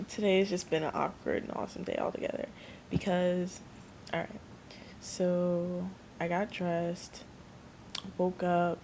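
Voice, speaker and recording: Chatty young woman, low gravelly voice. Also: darkish tone, slight background noise. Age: young adult. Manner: chatty, rambling, acts out quotes. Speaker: vlogger. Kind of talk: casual storytelling vlog.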